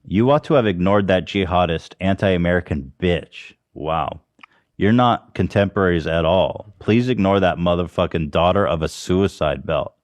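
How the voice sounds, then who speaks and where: A man with a fairly low voice talks on a casual podcast. He leans into sarcasm and mocking asides. The sound is dry and close. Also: moderate pace, dry recording. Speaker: podcast co-host. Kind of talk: casual comedic podcast chat.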